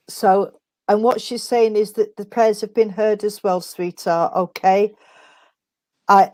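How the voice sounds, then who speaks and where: A middle-aged woman gives a spiritualist reading, her voice mellow and dark. She speaks gently and haltingly, restarting phrases and calling the listener sweetheart. The sound is dry and close. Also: medium pitch, no echo. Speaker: spiritualist medium. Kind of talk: mediumship reading in an online service.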